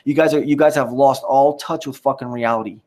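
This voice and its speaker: A man's voice: medium pitch, fairly even intonation, brisk, mellow. A man hosting a live stream, ranting in a rambling, profane and mocking way while answering the chat. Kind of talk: casual live-stream rant.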